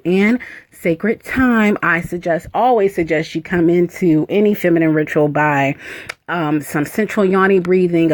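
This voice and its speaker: A woman guiding a spiritual ritual, unhurried and soothing, humming and sighing as she repeats affirmations in a chanting rhythm. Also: low voice, dry recording. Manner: unhurried and soothing, with hums and sighs. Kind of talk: guided ritual meditation.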